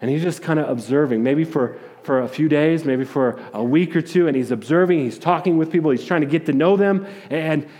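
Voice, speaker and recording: A man's voice: a little high, a little fast, few pauses, darkish tone. A man preaching a sermon in a conversational, storytelling way, often restarting his words. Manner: storytelling, acting out voices in quotes. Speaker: pastor.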